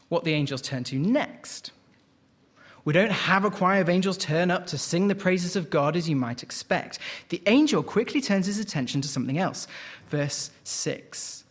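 A man preaching a sermon with a slightly high voice. He reads scripture aloud and explains it, often stopping to ask rhetorical questions, and he speaks with expressive emphasis.

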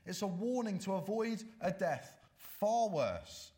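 Expressive male preacher with lively pitch. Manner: dramatic swings from loud to hushed, slow emphatic warnings. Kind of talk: sermon.

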